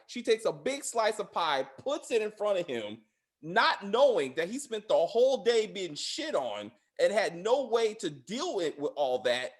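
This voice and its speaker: A man hosting a casual show review, retelling scenes in an excitable, profane way. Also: high voice. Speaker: podcast host.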